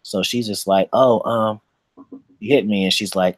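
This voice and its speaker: A man's voice: lowish voice, steady tone, normal speed, no room sound. A man co-hosting a casual, uncensored chat, talking in a boastful, profane, slick storytelling way. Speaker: podcast co-host.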